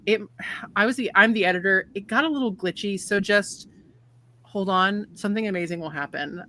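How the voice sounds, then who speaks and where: A woman's voice: mid-range voice, fairly quick, bright, forceful tone. A woman hosting as game master, chatting casually with restarts and swearing. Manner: laid-back, swears casually, rambling with restarts. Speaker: game master and show host. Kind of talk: casual chat.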